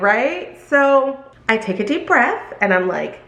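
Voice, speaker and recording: Animated woman. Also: slow pace, roomy sound. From Brooklyn, New York. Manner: animated, acts out quotes in high voices. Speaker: vlogger telling a storytime. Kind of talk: casual storytime chat.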